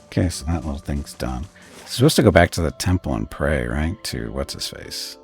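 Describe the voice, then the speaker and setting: Very deep, gravelly man streaming a game. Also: lively intonation, normal speed, faint music behind. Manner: offhand and muttering, thinking aloud. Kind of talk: casual gameplay commentary.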